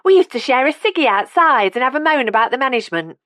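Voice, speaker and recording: A woman's voice: sits high, animated, fast talker, a bit bright, dry recording, pitched above the performer's own voice. A woman voicing a practical, no-nonsense elderly woman who speaks with a Cockney accent. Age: older.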